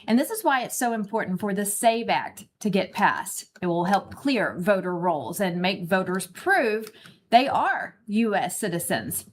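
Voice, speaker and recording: A woman's voice: medium pitch, animated, a little slow, a little hiss or hum. A woman hosting a morning news show, reading a scripted segment with emphatic, pointed delivery.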